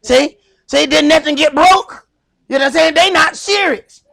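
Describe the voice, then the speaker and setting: A man with a Southern US accent teaching a Sabbath Bible class in a loud, animated sermon style, acting out little skits. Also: very high voice, moderate pace, vocal fry. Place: congregation hall.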